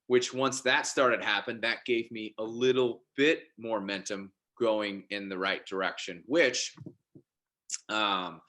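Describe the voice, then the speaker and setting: Male guest, forceful bright tone, animated, stumbles and restarts, casual story. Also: fairly low pitch, measured pace. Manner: animated, with frequent restarts and repeated words. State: married father. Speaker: podcast guest.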